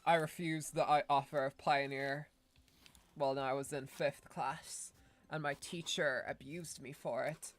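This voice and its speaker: A woman's voice: sits low, fairly even intonation, measured pace. A woman streamer giving casual, rambling gameplay commentary, often correcting herself and laughing.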